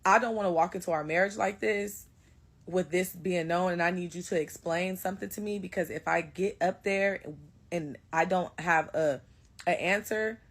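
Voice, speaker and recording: A young woman telling a personal story in a casual, animated way, acting out quotes and bursting into loud outrage. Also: fairly low pitch, moderate pace, dry recording, rough recording.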